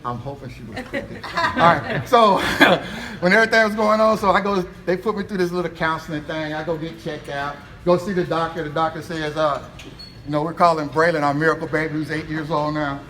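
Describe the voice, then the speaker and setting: A man's voice: fairly high pitch, fairly quick, bright, forceful tone. An American man giving a humorous speech as a motivational speaker. He tells stories with plenty of jokes and often laughs. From United States. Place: event hall with a live audience. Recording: echoey hall, noisy.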